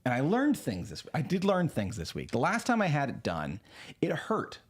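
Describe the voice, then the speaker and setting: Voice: medium pitch, moderate pace, husky. A podcast co-host telling a story in casual chat, acting out the other people's lines. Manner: animated storyteller, acts out quoted voices.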